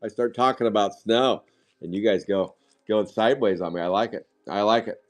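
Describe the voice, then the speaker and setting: A man's voice: on the low side, fairly quick. Rambling man streaming a card break. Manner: rambling, sidetracked anecdotes. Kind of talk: casual live-stream chat.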